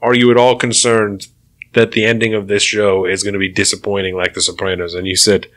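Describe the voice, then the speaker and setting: A man's voice: fairly low pitch, brisk. A man co-hosting a podcast, ranting in casual chat, swearing often and laughing as he talks. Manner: profane, animated ranting with laughs. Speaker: podcast co-host.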